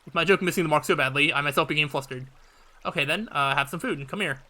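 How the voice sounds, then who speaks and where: Bright-voiced man reading a game aloud. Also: fairly high pitch, fast talker. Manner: casual, hesitant with fillers. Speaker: let's play host. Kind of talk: reading a visual novel aloud.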